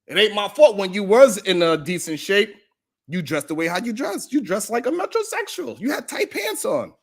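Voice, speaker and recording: High-voiced man trash-talking loudly. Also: very animated, normal speed, husky. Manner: taunting, swings from loud shouts to low mutters. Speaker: podcast host. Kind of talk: mocking roast monologue.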